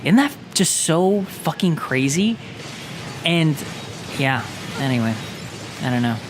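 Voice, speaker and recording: A man's voice: a little high, expressive, slow pace, music in the background. Rambling man telling a long story. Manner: rambling storyteller, self-interrupting, apologizes for going long. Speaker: host. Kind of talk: casual chat while playing a game.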